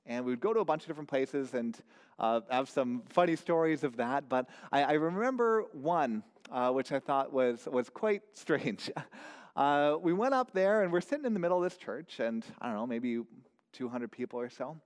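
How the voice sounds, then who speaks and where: Preaching with a clean tone and fairly high pitch, this pastor keeps a moderate pace and lively intonation. His sermon is earnest and searching, full of repeated words and probing questions, heard through a long hall reverb.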